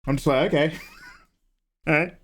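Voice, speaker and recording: A livestreaming artist from England, with a fairly low, expressive voice at normal speed, chats casually with viewers and rambles through his answers. He reads the chat aloud and responds with laughs.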